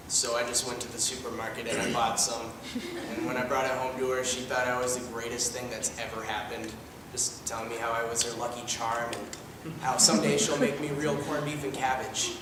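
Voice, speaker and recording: A man's voice: mid-range voice, noisy background, lightly acted. Guy playing a smug lazy son, dry offhand talk, far from the mic, echoey room. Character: sly young adult adopted son, lazy and smug. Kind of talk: improv comedy monologue.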